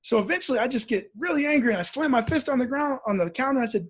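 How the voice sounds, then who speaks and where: Racing along with few pauses, an animated man from the American Midwest tells a personal story in a loose, conversational style. His voice is high for a man with a husky quality, and he acts out the figures in his story.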